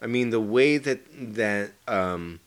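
A man co-hosting a casual movie review chat, excitable and swearing freely as he acts out favorite lines. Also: fairly low pitch, takes it slowly, clean tone. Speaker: podcast co-host.

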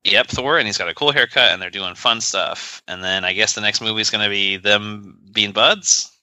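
Sarcastic man with a bright voice. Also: lowish voice, normal speed, dry recording. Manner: sarcastic, joking, rambling with many "like"s. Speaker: podcast co-host. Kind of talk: casual chat. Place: podcast recording session.

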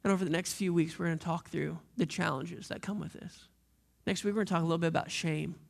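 A man's voice: on the high side, fairly even intonation, fast talker, creaky. A man preaching a sermon as lead pastor, earnest and direct with his listeners.

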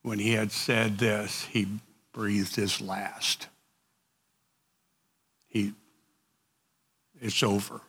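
A man leads a group Bible study in a bright, forceful voice. He speaks slowly and conversationally, often repeating words and restarting sentences. His voice carries a long reverb, as if the room is large and hard-walled. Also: on the low side, little pitch movement, breathy edge.

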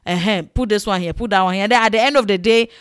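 A woman telling casual stories in a chatty, animated way, full of fillers. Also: mid-range voice, fast, clean tone, no echo, studio quality. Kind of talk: casual storytelling vlog.

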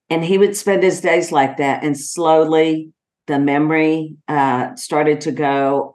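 A middle-aged woman with a low voice talks in an unhurried, gentle way, pausing often and filling gaps with soft ums. It sounds like a heartfelt personal podcast monologue. Her warmth comes through in how she takes her time. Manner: slow, gentle and heartfelt, with frequent pauses and fillers. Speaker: podcast host.

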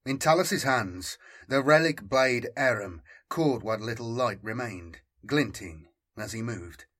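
A man narrating an audiobook in a slow, deliberate scripted reading. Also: medium pitch, lively intonation, fairly bright tone.

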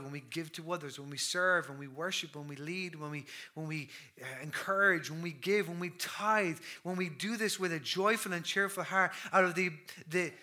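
A man in his thirties delivers a passionate sermon, swinging between loud declarations and hushed near-whispers. His voice runs on the high side.

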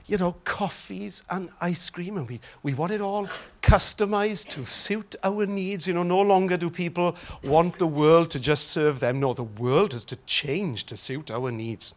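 High-voiced Welsh pastor preaching. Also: male voice, unhurried. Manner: humorous storytelling, swinging from loud exclaiming to soft prayer. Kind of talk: sermon.

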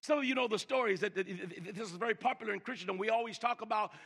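An older man preaching a sermon, stammering and repeating words, swinging from loud emphasis to hushed slow lines. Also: sits high, creaky, slightly rough. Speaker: pastor.

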